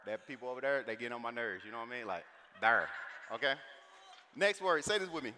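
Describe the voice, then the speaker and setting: St louis guy hyping up a conference crowd, bright voice, big hall reverb, bit of hiss. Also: mid-range voice, fast. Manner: animated, drawls and stretches sounds, addresses the crowd as y'all. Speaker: conference speaker. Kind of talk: lively talk to a large audience. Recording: long hall reverb, faint noise.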